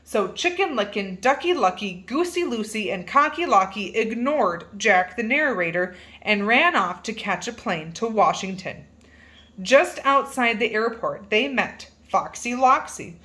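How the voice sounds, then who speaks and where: A woman reading a children's picture book aloud in a playful, animated way, stretching words for emphasis. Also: a little high, moderate pace. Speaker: reader.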